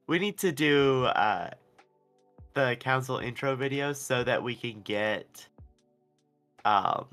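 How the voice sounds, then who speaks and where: A man's voice: mid-range voice, pushed and bright. A man chatting casually on a stream as co-host, explaining things hesitantly with lots of fillers.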